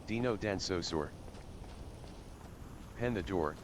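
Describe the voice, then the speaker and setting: A man's voice: low voice, expressive, normal speed, noisy background. A man streamer chatting casually and playfully, reading chat aloud and joking. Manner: playful, jokey, sing-song repeating. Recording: clear music playing behind.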